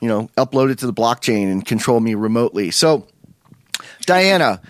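Man, podcast host, casual wry chat, animated pitch, dry close sound. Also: moderate pace, dry recording. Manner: joking, wry, loose talk.

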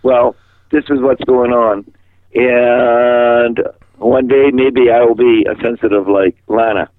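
Older massachusetts guy calling in, halting rambly storytelling, phone-line sound. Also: mid-range voice, flat delivery, no room sound. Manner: halting, repeats words and restarts. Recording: tinny phone line on radio.

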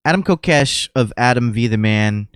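A man co-hosts a casual podcast chat and retells events with lively acted-out quotes. His voice sits at a middle pitch and is recorded close and dry, with no room sound. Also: normal speed, smooth, no room sound.

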